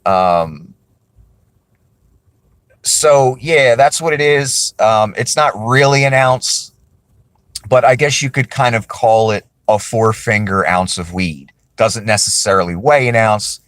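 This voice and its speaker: A man's voice: lowish voice, slow pace, fairly bright tone, no echo. Rambling apologetic man, dry close sound. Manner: rambling, apologetic, self-correcting. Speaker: video creator. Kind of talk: casual talk to camera.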